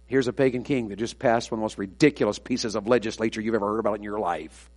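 A man preaching a sermon, swinging between loud, emphatic preaching and hushed, confiding storytelling. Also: on the low side, fairly even intonation, fast talker. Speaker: pastor.

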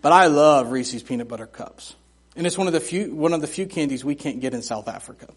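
A middle-aged man preaching a sermon in a church, telling folksy, humorous stories in an animated way. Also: fairly high pitch, brisk, slightly rough. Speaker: missionary preacher. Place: church sanctuary.

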